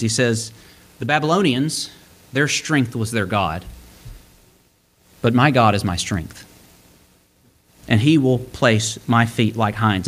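A man preaching a sermon, reading scripture verses aloud and explaining them, his delivery rising and then dropping low for emphasis. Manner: expository preaching, reads scripture aloud, swings between lifted and hushed delivery.

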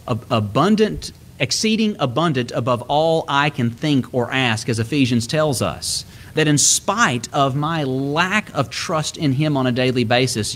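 Middle-aged male preacher, earnest, explanatory; voice lifts on scripture quotes, mid pitch. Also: fairly bright tone. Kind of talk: sermon.

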